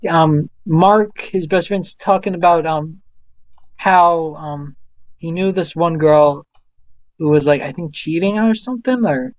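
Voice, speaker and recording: A man's voice: a little high, unhurried, dry recording, muffled recording. A young man co-hosting a casual chat, rambling with lots of fillers and laughing often. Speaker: co-host. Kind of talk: casual chat about movies.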